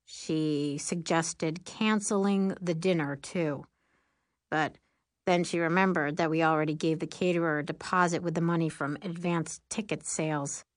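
A woman's voice: low-pitched, fairly even intonation, moderate pace, no room sound, clean studio sound, natural voice. A woman voicing a worried teenage boy who is class president, speaking glumly. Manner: worried, sighing, glum.

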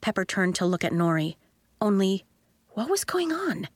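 A woman's voice: mid-range voice, normal speed, dry recording, studio quality. A woman narrating a children's audiobook expressively, giving each character a voice of her own. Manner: expressive storytelling, voicing the characters.

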